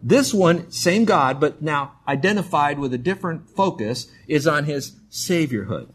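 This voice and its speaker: A man's voice: on the high side, expressive, moderate pace, slight background noise. A male pastor preaching a sermon in an emphatic, conversational storytelling manner.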